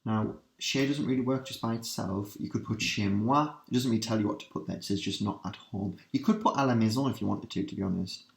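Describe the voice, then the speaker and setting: A man's voice: lowish voice, creaky. Man teaching in an echoey room. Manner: talks students through translations step by step, asking quick questions. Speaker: language teacher. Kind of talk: revision lesson walkthrough. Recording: roomy echo.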